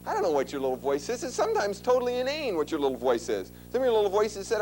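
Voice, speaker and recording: A man's voice: sits high, wildly swooping pitch, quick pace, hardly any pauses, darkish tone, slight background noise, low-quality recording. A man giving an instructional talk to an audience, conversational and emphatic, often asking questions. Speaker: lecturer.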